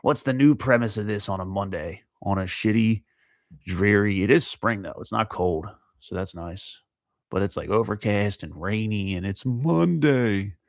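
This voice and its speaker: A man's voice: on the low side, normal speed, no echo, clean studio sound. A man hosting his own show, chatting casually in a rambling, profane way and laughing often. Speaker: podcast host. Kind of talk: casual solo chat.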